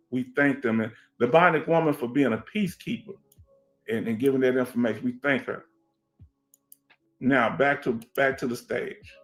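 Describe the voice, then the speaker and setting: Streetwise Houston man hosting a stream. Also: mid-range voice. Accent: Houston Black American English. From Houston, Texas. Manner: streetwise, emphatic, repeats himself, asks "you understand?". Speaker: veteran livestream host. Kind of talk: casual livestream chat reading comments. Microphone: headset.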